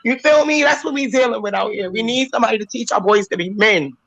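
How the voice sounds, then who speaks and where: Woman caller, preachy and animated, choked up, dry sound. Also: on the high side, fast, no room sound, low-quality recording. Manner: emphatic, animated, switches into character voices. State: tearful, emotional. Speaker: caller on a talk panel. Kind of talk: casual talk, preachy and emotional.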